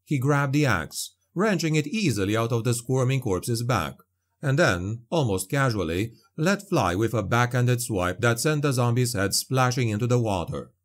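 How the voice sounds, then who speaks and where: Man narrating a dark fantasy audiobook. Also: mid-range voice, expressive. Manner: measured, vivid storytelling.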